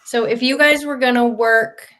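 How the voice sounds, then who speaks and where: A woman's voice: a little high, steady tone, moderate pace, fairly bright tone. A woman chatting casually with friends, easygoing and asking the group questions. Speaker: theme park fan on a group ride-through.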